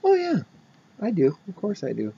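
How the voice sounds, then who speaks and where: A man's voice: sits high, moderate pace, creaky, slight background noise. A man co-hosting a podcast, chiming in casually and laughing along, on a dull lo-fi recording. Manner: relaxed, laughing sidekick chiming in. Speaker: podcast co-host. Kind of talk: casual chat. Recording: dull lo-fi sound.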